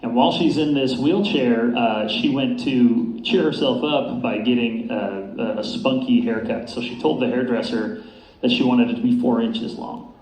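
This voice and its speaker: A man performing an open mic stand-up set in a dry, unhurried way, with frequent "uh" fillers. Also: mid-range voice, a little mellow, slight background noise. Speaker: stand-up comedian. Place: comedy venue with a live room. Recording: roomy venue sound, faint ambience.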